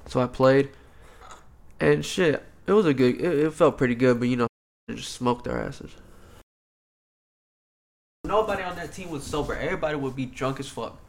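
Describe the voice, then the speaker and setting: A young college athlete in casual chat, telling stories in a laid-back, slangy way with plenty of swearing. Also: male voice, mid-range voice, moderate pace, vocal fry, long pauses, a little mellow. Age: young adult.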